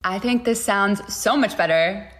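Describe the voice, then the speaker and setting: A woman's voice: medium pitch, unhurried, a bit bright, soft background music. A woman with an American accent talking to camera in a playful, chatty vlog. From United States. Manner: playful and chatty, laughing between points. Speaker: vlogger. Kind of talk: casual vlog chat.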